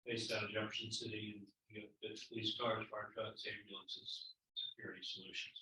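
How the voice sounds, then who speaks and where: A man's voice: fairly low pitch, level tone, a little fast, bright, forceful tone, far from the mic, slight background noise. A man hosting a group meeting, introducing members and the speaker. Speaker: meeting host. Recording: echoey room, voice from off mic.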